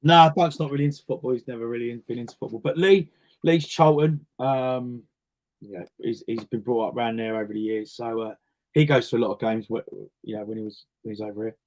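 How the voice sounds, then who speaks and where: A man's voice: mid-range voice, brisk, darkish tone, muffled recording. A man, talking casually as a guest in an interview and acting out the voices of the people in his stories. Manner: chatty storyteller, acts out quoted voices. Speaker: guest singer.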